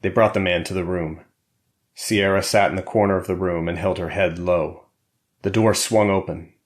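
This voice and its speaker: A man narrating an audiobook in a steady, even reading. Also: low-pitched, moderate pace. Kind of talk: scripted narration.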